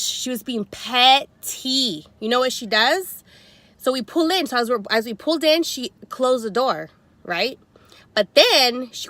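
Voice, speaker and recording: A woman telling a story in a chatty, animated, slangy way, sitting in her car. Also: fairly high pitch, no echo. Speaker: vlogger. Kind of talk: story time vlog.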